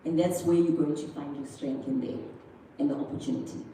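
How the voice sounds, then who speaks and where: A South African woman delivers a chatty motivational speech at a school prize-giving, speaking directly to the audience and acting out other people's voices. Her voice is low, steady, brisk and mellow. The recording has a distant microphone in an echoey school hall, with a little hiss or hum.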